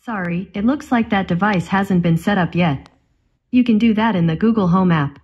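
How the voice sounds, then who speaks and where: A calm, polite female smart-speaker assistant, voiced by a woman, answering in a steady, helpful tone. The sound is dull and lo-fi, like playback through a small speaker. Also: medium pitch, normal speed.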